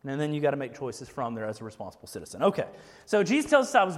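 A man's voice: medium pitch, huge pitch swings, rapid-fire, big-room sound. A man preaching a sermon to a church group in a casual, conversational way, often checking in with "right?". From United States. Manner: casual, keeps asking "right?". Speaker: pastor.

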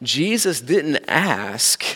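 A man preaching a sermon, animated, acting out the people in the story with sarcastic asides. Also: fairly high pitch, extremely slow, breathy edge. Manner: animated, acts out quoted dialogue, sarcastic asides. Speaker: pastor. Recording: long hall reverb.

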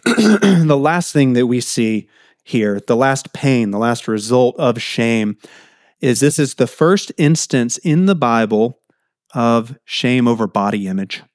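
A man preaching a sermon in a conversational way, his pitch jumping up for emphasis. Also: expressive, slow pace, no echo, clean studio sound. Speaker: pastor.

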